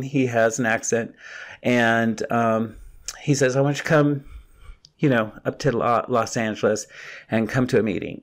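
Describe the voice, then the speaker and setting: An older man hosting a podcast, telling his own stories in a chatty, rambling, gossipy way. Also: mid-range voice. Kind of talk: casual storytelling monologue.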